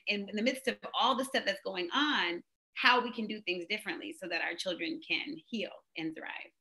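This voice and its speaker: A middle-aged woman hosting a casual conversation about parenting, telling stories and acting out the exchanges she quotes. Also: a little high. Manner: animated storyteller, acts out quoted exchanges. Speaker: host.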